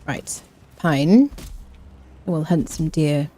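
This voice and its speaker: A woman gaming streamer chats casually as she plays, her voice lowish and mellow but swinging widely in pitch. She rambles, hums little tunes and answers her chat, with faint game music behind her. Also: lively intonation, drawn-out words. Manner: chatty, rambling, hums and scats to herself, reads chat. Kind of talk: casual live-stream chat while playing.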